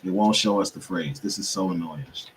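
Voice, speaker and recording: A young man with a fairly low voice mutters and grumbles as he fights with his computer, now and then turning to address his viewers. He swears under his breath in casual, frustrated talk. A faint hum of room ambience sits behind him. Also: a little fast, poor audio. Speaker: podcast host.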